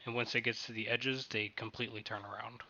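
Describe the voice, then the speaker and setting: A man running a tabletop game playtest as game master, narrating haltingly and often restarting his sentences. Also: mid-range voice, level tone, bright, forceful tone, dull audio.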